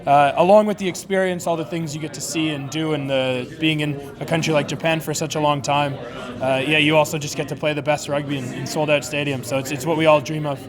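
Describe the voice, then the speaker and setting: A Canadian man, a rugby player, answering interview questions in a relaxed, modest way. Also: a little high, fast talker. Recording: outdoors with loud crowd behind.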